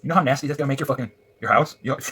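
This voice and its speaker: Fast, furious profane man ranting. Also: mid-range voice, slight background noise. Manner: profane, agitated, swings between shouting and muttering. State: worked up. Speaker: vlogger. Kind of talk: angry ranting vlog.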